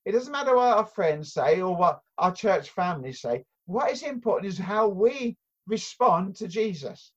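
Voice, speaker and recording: An older man preaching a sermon in an earnest, halting way, with many restarts and rhetorical questions. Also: sits high, big pitch swings, husky, dull audio.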